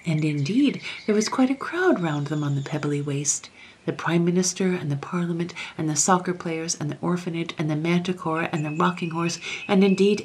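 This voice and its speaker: A woman with a low, gravelly voice reads a classic children's story aloud. Her delivery is soft, often slipping into a half whisper, with a faint hiss behind her.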